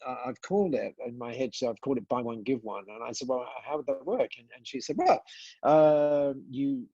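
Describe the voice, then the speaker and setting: An older man, a podcast guest, telling a story in conversation, acting out the dialogue with many pauses and repeats. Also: mid-range voice, mellow, no room sound, muffled recording.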